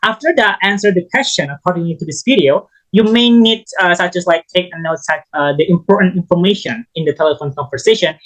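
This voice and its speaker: A man giving a recorded English lesson as a student teacher, halting and often restarting his phrases. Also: sits high, fairly bright tone, rough recording.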